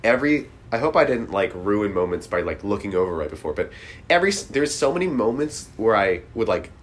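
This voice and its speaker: A man's voice: fairly low pitch, very animated, fairly quick. A young man hosting a casual movie podcast, rambling with many restarts. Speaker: podcast host. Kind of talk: casual chat.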